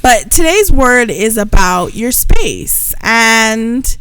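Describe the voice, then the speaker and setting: امرأة تقدّم بودكاست بأسلوب مرح. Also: female voice, on the high side, sing-song, takes it slowly, a bit bright, soft background music, poor audio. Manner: playful, jokes with mock accents. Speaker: podcast co-host. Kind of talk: casual chat.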